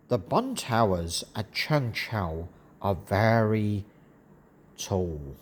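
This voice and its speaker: A man reading for young learners in a calm, deliberate voice. He speaks extremely slowly, each word set apart clearly for the class to repeat. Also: on the low side. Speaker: narrator and word-list reader. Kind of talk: slow educational reading.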